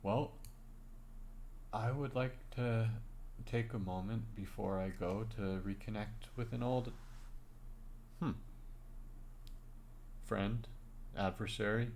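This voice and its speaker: A man voicing a calm senior female starship admiral in a tabletop game, with measured, hesitant pauses. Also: lowish voice, slight background noise, voice pushed up. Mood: reflective.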